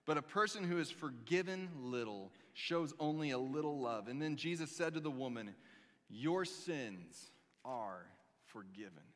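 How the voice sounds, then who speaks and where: A man in his thirties preaching a sermon, telling stories with lively, dramatic pauses. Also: fairly high pitch. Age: 30s. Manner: animated storytelling, reads scripture aloud with dramatic pauses. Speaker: pastor. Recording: long reverb of a large hall.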